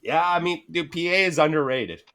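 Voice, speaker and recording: A man's voice: fairly high pitch, a little fast. A man in his thirties, a podcast guest telling a story in casual chat, swearing constantly, laughing as he talks and acting out what people said. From Canada. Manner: animated, swears constantly, laughs mid-sentence, acts out quotes.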